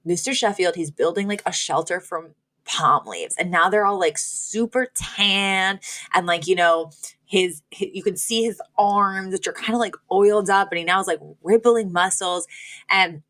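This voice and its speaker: A woman in mid pitch co-hosts a podcast, running through the plot in loose, chatty talk. She laughs often and leans on "like" and "um" as she goes. Her delivery is quick and conversational. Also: a bit bright. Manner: chatty, laughing, full of filler words. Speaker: podcast co-host. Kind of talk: casual recap chat.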